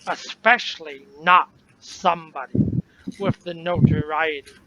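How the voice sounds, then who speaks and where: A man's voice: fairly high pitch, a little slow, sharp tone. A man doing a stern squad commander. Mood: accusatory. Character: stern male armed squad commander, interrogating. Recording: dull lo-fi recording, faint noise.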